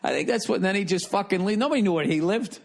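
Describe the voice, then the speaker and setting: A man's voice: high-pitched, very fast, vocal fry. A man hosting a comedy podcast, ranting in a profane, rambling monologue. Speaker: podcast host.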